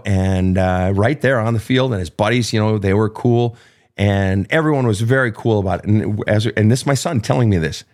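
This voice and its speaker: A man's voice: on the low side, a little mellow. A man in his fifties hosting a call-in advice show, telling stories candidly, swearing freely and laughing at himself. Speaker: podcast host answering listener questions. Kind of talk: casual storytelling and advice.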